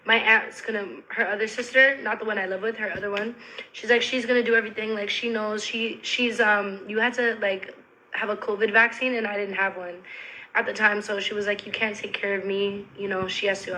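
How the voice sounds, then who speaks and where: A woman's voice: medium pitch, flat delivery, a little fast, pushed and bright, slight background noise, rough recording. A young woman telling a personal story to the camera in a casual, rambling, candid way, blunt and full of slang and swearing.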